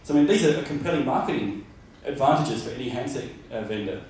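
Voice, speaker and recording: A man's voice: mid-range voice, lively intonation, fast, darkish tone, a little hiss or hum. A man giving a conference presentation, rambling with many fillers and restarts. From Australia. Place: conference room. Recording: roomy hall from far off.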